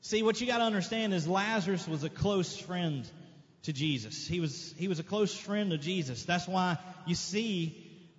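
A man's voice: high-pitched, moderate pace. A man pastor reading scripture and then preaching earnestly, repeating phrases and asking rhetorical questions, in a church. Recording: dull lo-fi church recording with long reverb.

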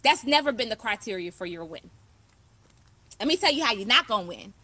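A woman's voice: fairly high pitch, big pitch swings, a little fast, dry recording. A woman hosting a live online talk, speaking bluntly and with passion, repeating pointed rhetorical questions to her viewers. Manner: blunt and forceful.

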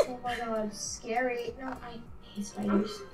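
A woman chatting excitedly with a fellow streamer, gushing about her viewers. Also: on the high side, slow, echoey room, distant mic, soft background music, poor audio. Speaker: guest streamer. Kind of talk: casual live stream chat.

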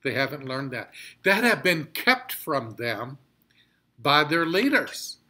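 A pastor teaching a Bible study, reading scripture slowly and explaining it with emphatic repetition. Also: male voice, fairly high pitch, very animated, sharp tone.

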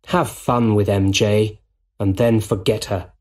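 A man's voice: lowish voice, steady tone, measured pace, a little mellow. A man reading as a cold rich father. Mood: dismissive. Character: cold, proud wealthy older father.

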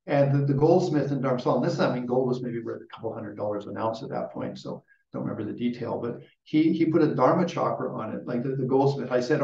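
A man's voice: mid-range voice, quick pace, creaky, few pauses, a little mellow. A middle-aged man, a lama, gives a casual Dharma teaching full of personal anecdotes, rambling with frequent restarts and laughter. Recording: distant, roomy and dull-sounding.

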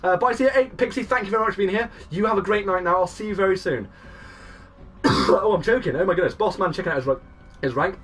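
A young man in his twenties live-streaming a game, greeting and thanking viewers and breaking into excited shouts. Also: high-pitched, fast, distant mic, slight background noise. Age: 20s. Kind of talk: live-stream chat reading out viewers' messages.

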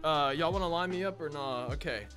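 A man's voice: fairly high pitch, brisk, a bit bright, soft background music. A young man chatting casually to viewers as he unboxes a console, a bit out of breath. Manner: chatty, talks to viewers as y'all. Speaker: gaming YouTuber.

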